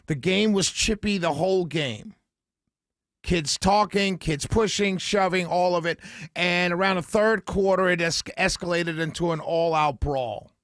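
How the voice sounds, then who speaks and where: A man with a high-pitched voice hosts a talk radio show from a studio microphone. He sounds emphatic and opinionated, thinking out loud as he goes. The sound is dry and close. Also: unhurried, dry recording.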